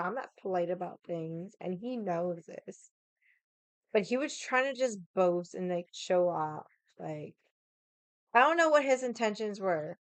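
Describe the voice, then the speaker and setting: A woman's voice: medium pitch, dry recording. A woman in her forties with a Boston accent, ranting casually and bluntly to camera with heavy swearing and indignation. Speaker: vlogger.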